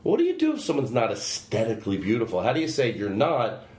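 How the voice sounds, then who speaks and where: A man's voice: mid-range voice, wildly swooping pitch, fast talker, darkish tone. A man hosting a casual podcast, telling rambling stories with lots of laughter and self-interruptions. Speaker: podcast host. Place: home studio with his dog. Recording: echoey room, faint noise.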